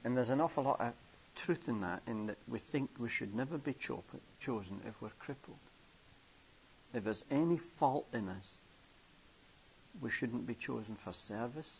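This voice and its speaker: An older man from England preaching a storytelling sermon, acting out characters' voices inside his stories. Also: creaky. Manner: acts out children's voices in a high pitch within stories. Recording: muffled, hissy old tape.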